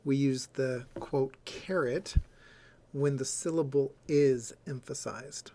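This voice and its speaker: A man's voice: medium pitch, steady tone, slow, mellow. A man giving a recorded lecture, explaining step by step and sounding out example words.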